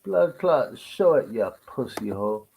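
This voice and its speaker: A man's voice: mid-range voice, sing-song, measured pace, vocal fry, a little mellow, a little hiss or hum, poor audio. A man hosting a live stream, ranting in a crude, mocking, rambling way. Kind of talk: casual live-stream rant.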